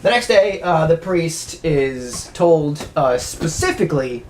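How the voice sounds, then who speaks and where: A woman's voice: sits low, slow pace, darkish tone, a little hiss or hum. A woman casually recapping a horror movie, rambling, stammering often and swearing freely. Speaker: movie reviewer.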